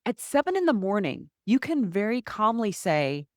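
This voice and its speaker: A woman's voice: a little high, big pitch swings, moderate pace, dry recording. Candid woman podcasting, dry close sound. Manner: candid, conversational, acts out inner thoughts. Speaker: podcast host and health coach. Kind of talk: solo podcast monologue.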